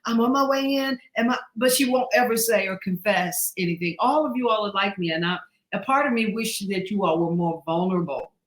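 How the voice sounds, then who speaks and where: A woman's voice: mid-range voice, a little fast, hardly any pauses. An earnest mother hosting a live talk. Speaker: host, mother of guest. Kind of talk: casual livestream talk, reading viewer messages.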